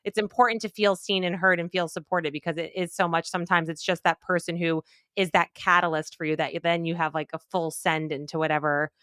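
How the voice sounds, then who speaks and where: A woman speaking as a podcast guest, chatting in a relaxed and expressive way with many filler words. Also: fairly low pitch, fairly quick, smooth, dry recording, clean studio sound. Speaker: podcast guest, clinical nutritionist. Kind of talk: casual conversational interview.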